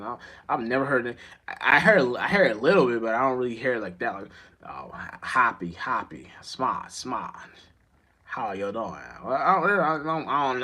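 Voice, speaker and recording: A man talks straight to his viewers in a loose, rambling monologue, his voice sitting at an ordinary middle pitch. He curses freely, trips over words and starts sentences again and again. He keeps checking in with his audience as he drifts from thought to thought. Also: sharp tone. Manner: rambling, profane, stumbles and restarts often; keeps asking "you know what I'm saying". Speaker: streamer.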